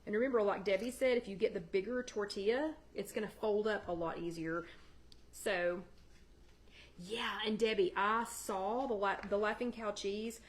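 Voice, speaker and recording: During a casual cooking demo on a livestream, the host of a live weight-loss chat shows a recipe in her home kitchen and chats with viewers by name. Her medium-pitched voice keeps fairly even intonation at a moderate pace.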